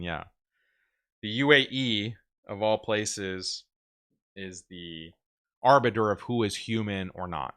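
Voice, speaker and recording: A man's voice: fairly low pitch, slow pace, pauses often, fairly bright tone. A man hosting a commentary show, talking casually in a sarcastic, mocking way and chuckling often. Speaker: host.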